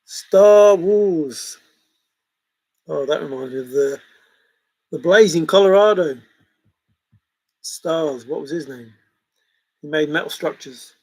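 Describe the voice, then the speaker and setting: A man's voice: fairly high pitch, slow pace, pauses often, a little mellow, low-quality recording. A man hosting a livestream, chatting casually in a rambling way and chuckling as he reacts to viewers' comments. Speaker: livestream host reading chat. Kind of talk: casual chat.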